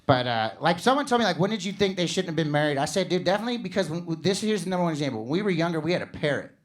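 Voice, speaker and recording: A man in his thirties with a fairly high voice performs a stand-up set, animated and quick to swing into loud mock voices. He comes from Missouri. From Missouri, USA. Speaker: stand-up comedian.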